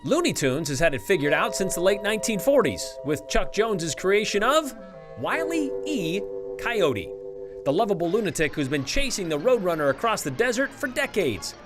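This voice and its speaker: A man's voice: sits high, very animated, fairly quick, music in the background. A man presenting a light-hearted scripted news segment in a playful, wry way.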